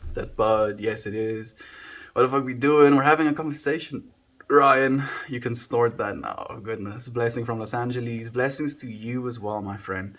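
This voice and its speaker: A man's voice: medium pitch, moderate pace, a bit bright. A South African man with a mid-range voice, talking easygoingly to his viewers from home. He muses and drifts between thoughts, greeting people by name, picked up on a phone held in his hand. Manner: laid-back, musing, thanks viewers by name. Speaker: livestreamer. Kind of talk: casual livestream chat with viewers. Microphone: handheld phone.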